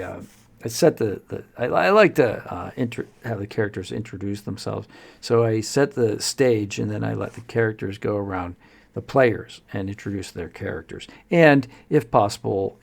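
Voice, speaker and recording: A man who runs tabletop games, explaining in a rambling, halting way with plenty of fillers. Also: fairly low pitch, vocal fry, husky. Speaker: dungeon master. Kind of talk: casual explanatory talk.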